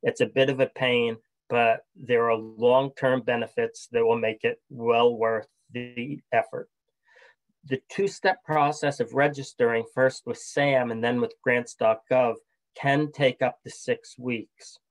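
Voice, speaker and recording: A middle-aged man giving a webinar presentation in a measured, friendly way, with fillers and restarts. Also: mid-range voice, fairly even intonation, low-quality recording.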